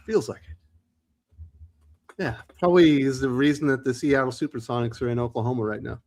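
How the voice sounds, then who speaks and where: A man hosting a casual live comics panel, jokey and quick with asides, swearing freely. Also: medium pitch, steady tone, darkish tone.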